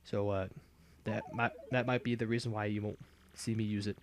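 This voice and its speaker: A man's voice: fairly low pitch, level tone, brisk, few pauses. Brief: laid-back male let's-player, loose and chatty. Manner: rambling, with restarts and fillers. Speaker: gaming video host. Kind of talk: casual let's-play commentary.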